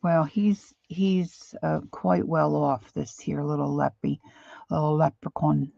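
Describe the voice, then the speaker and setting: A woman's voice: low-pitched, little pitch movement, takes it slowly, creaky, dark tone, no echo, dull audio. An older woman chatting casually while she paints live, rambling and reading viewer comments aloud. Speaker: painting instructor. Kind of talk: live painting stream chat.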